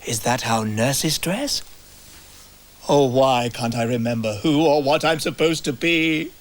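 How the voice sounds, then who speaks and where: An actor playing a bewildered doctor with amnesia who keeps asking confused questions, in a children's TV comedy. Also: male voice, mid-range voice, a little slow, natural voice.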